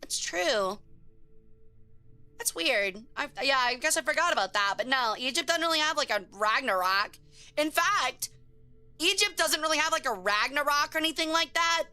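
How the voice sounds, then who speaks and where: A woman's voice: high voice, expressive, moderate pace, pushed and bright. A woman streamer chatting casually on a live stream, slangy and joking as she reacts to chat, with faint music behind her.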